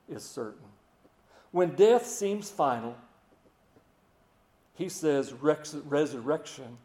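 Folksy male preacher, high-pitched, slows to quiet emphasis, reverberant church sound. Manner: folksy, repeats words, drops to slow hushed emphasis. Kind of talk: sermon.

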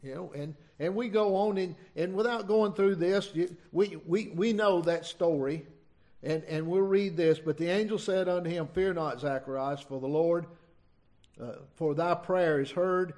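A middle-aged man preaching an informal sermon, reading scripture and retelling it in a folksy, halting way. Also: on the high side, darkish tone. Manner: folksy, halting, many restarts and asides.

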